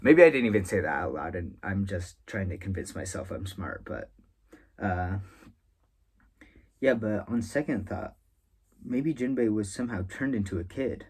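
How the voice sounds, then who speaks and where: A man's voice: fairly low pitch, lively intonation, normal speed, long pauses, breathy edge. A man reading a manga chapter aloud as a reviewer, rambling and correcting himself as he reacts. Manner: rambling, musing aloud with frequent filler and self-correction.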